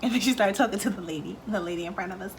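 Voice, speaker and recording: A young beauty vlogger tells a story in a chatty, animated way, swearing freely and imitating what people said. Her mid-range voice comes rapid-fire, with a little hiss or hum in the background.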